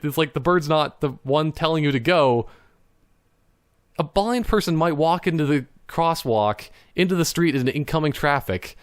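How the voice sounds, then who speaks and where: A man's voice: mid-range voice, dry recording, clean studio sound. A young man from Canada hosting a solo podcast in casual chat, rambling and laughing often, now and then slipping into playful impressions, talking at his computer. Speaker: podcast host. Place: indoors at a computer.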